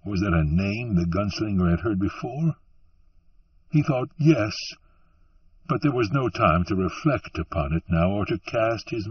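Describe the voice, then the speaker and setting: Measured male audiobook narrator, slow and dramatic; dry sound, dull and recorded from afar. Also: lowish voice, slightly rough, no echo, distant mic.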